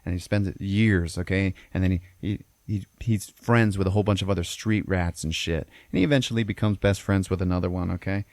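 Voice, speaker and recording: A man with a low, darkish voice talks a little fast with hardly any pauses as he hosts a podcast. He recaps a film casually and profanely, checking in with "okay?" after nearly every beat. There is no room sound.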